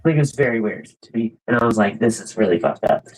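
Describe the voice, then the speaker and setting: A woman's voice: a bass voice, animated, fast, a little mellow, slightly rough, rough recording. A woman in casual chat, blunt and swearing freely as she tells stories and acts out what people said.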